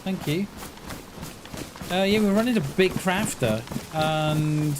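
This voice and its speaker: A man's voice: fairly high pitch, slow pace. A man chatting casually while streaming a game, rambling along with frequent chuckles and self-mocking asides. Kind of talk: casual livestream chat while gaming. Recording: noisy background.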